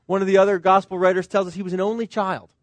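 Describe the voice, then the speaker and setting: High-voiced man preaching a sermon. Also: little pitch movement, fast talker, dry recording. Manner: earnest, conversational preaching with rhetorical questions. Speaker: pastor.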